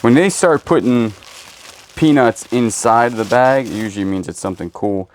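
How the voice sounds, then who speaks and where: Medium in pitch and moderate in pace, a man hosts a casual unboxing of a storage unit he's reselling from. He cracks goofy jokes and asides as he unpacks, while faint background noise and birds come through.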